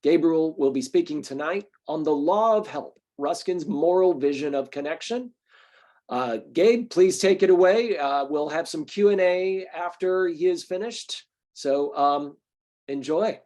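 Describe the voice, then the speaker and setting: Club president, male, a bit high-pitched, halting delivery introducing a lecturer. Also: darkish tone. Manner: halting, frequent ums and uhs. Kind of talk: hesitant formal introduction.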